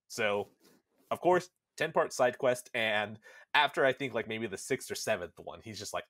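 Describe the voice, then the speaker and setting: A young man hosting a podcast in casual chat, animated and swearing freely as he acts out characters. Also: fairly low pitch, normal speed. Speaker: podcast host. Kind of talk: casual chat recapping a game.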